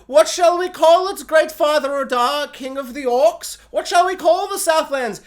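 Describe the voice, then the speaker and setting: A man's voice: very high-pitched, moderate pace, voice pushed up. A man voicing a fawning old man who hails an orc king in a raised, theatrical voice. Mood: mock-grand.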